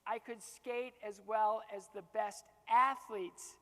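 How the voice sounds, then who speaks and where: A man's voice: high voice, steady tone, slow pace, pushed and bright, in a large hall. A man giving a motivational keynote to a live audience. He tells stories, acts out the dialogue and laughs often. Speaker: motivational speaker.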